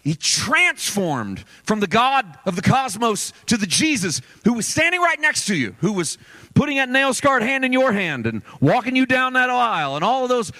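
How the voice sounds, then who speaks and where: A man preaching a sermon as pastor, swinging between loud, emphatic passages and low, slow, careful scripture reading. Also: very animated. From United States.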